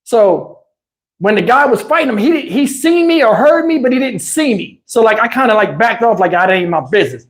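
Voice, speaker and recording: A man telling stories on his live stream, in a casual, animated way with crude slang and frequent laughter, through a lapel mic. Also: very high voice, moderate pace. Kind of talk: casual anecdotal storytelling. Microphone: wireless lapel mic.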